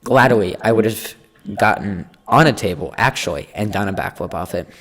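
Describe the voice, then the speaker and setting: A man's voice: fairly low pitch, moderate pace. A teenage boy co-hosting a podcast, telling a school story in casual chat and acting out the people in it. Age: teens. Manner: animated, acts out quoted people. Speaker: podcast co-host.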